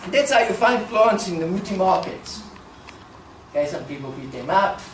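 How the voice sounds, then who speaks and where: Animated woman speaking in a room. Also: mid-range voice, slow pace, a little hiss or hum. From South Africa. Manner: animated, emphatic, laughs often. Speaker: speaker at a talk. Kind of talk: passionate public talk. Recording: echoey room, distant mic, faint ambience.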